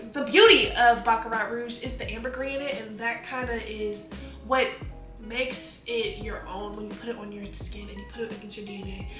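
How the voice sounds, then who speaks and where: Young female beauty vlogger, bright, enthusiastic and chatty, recorded in a roomy space. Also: fairly high pitch. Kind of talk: casual fragrance review. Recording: echoey room.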